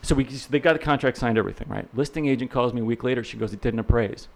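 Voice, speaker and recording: A man's voice: medium pitch, rapid-fire, vocal fry, a little mellow. A middle-aged man, a real estate instructor, telling rambling anecdotes as an interview guest, full of fillers and restarts, acting out the people he quotes. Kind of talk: casual storytelling in an interview.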